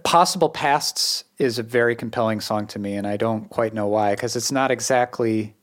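A man hosting a casual music podcast, talking in quick animated bursts full of "like" fillers. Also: fairly low pitch. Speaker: podcast host. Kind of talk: casual chat.

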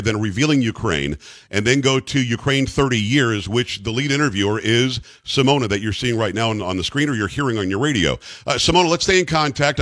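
A man's voice: mid-range voice, fairly bright tone, no echo. Talk radio host man, dry and upfront. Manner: emphatic and repetitive, bantering.

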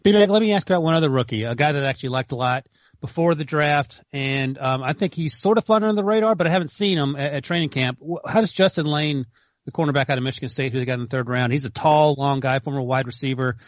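A man co-hosting a sports radio show who quickly asks eager questions. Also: medium pitch, no echo, lo-fi sound. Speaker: radio co-host. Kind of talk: casual sports talk.

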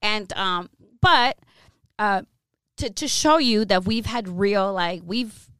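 Woman radio host, mid-range voice, candid and animated, dry close mic. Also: medium pitch, slow, clear, resonant tone, no echo. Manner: animated, candid, peppered with "you know what I mean" and curses. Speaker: radio host, guest on a podcast. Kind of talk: casual storytelling interview.

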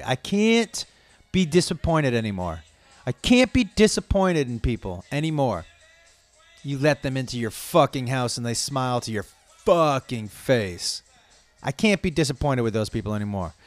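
Man, angry profane rant, stream of consciousness, a bit high-pitched, dry close sound, faint music behind. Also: no echo. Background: faint music playing.

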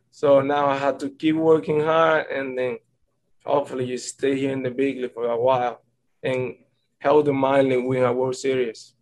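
A man's voice: medium pitch, level tone, moderate pace, a little mellow, low-quality recording. A young man from the Dominican Republic, a baseball player answering press questions earnestly, stringing thoughts together with "and then". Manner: earnest, rambling, repeats "and then".

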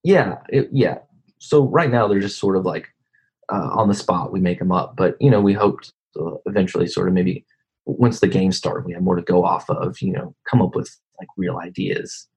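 A man, a guest in a casual interview, talking in a relaxed, rambling way. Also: low-pitched, moderate pace, creaky, slightly rough, poor audio. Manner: relaxed, rambling, many fillers. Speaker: comedy video maker, guest.

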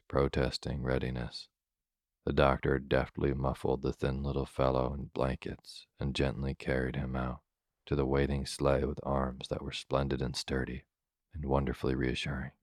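Super deep guy reading a sleepy bedtime story, totally flat and steady, dry close sound. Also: dry recording. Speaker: narrator.

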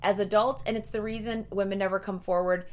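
A woman's voice: mid-range voice, steady tone, quick pace, a little mellow. A woman co-hosting a podcast in casual chat, riffing in a crude, mocking way. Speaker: podcast co-host.

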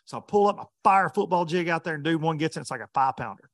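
Animated man telling fishing stories. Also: a little high, very fast, dry recording, studio quality. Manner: animated, laughing storyteller. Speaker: professional bass angler. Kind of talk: casual storytelling chat.

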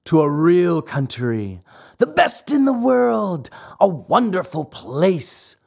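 Narrator doing a boastful runaway boy, coaxing, insistent, lively pitch, storybook. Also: slow, vocal fry, slightly rough, heavily acted.

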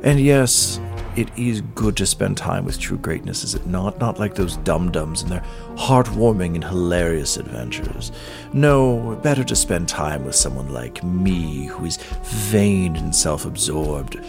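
A man playing a pompous, gravelly vain showman. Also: deep voice, animated, a little slow, exaggerated voice. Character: vain, self-absorbed male show host character. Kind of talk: comedic sponsor-style ad read. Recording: music bed underneath. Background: guitar music.

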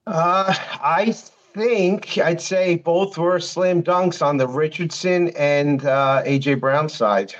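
A man with a thick North Jersey, Newark accent, a guest on a casual podcast, hesitant and thinking aloud with many pauses. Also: fairly high pitch, dull audio. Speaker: guest panelist.

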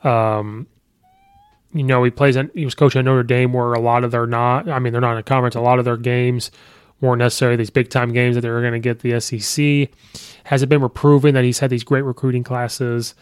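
This host's smooth, medium-pitched voice stays level and brisk, recorded dry with clean studio sound on a podcast microphone. Chatting casually on his sports podcast, he thinks aloud about coaching records, dropping in lots of ums and you-knows.

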